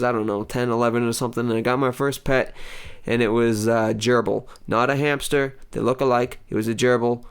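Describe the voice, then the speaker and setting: A man hosting a comedy show, telling a rambling personal story with many pauses and mock-dramatic outbursts. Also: mid-range voice, clean tone. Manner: hesitant, full of ums, mock-dramatic outbursts. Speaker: comedy podcast host. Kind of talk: rambling comic monologue.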